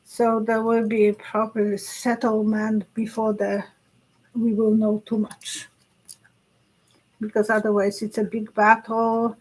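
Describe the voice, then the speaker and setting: Husky, halting middle-aged woman psychic. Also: on the high side, monotone, a little mellow, low-quality recording. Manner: halting, searching for words, laughs often. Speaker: psychic host. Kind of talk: casual live-stream chat.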